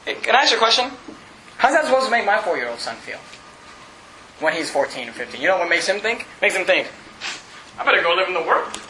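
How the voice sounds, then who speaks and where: A man's voice: high voice, fast talker, reverberant, a crowd in the background, poor audio. A male pastor in his thirties preaching a sermon, acting out the characters of a Bible story. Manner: animated, acts out Bible characters' voices. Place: church.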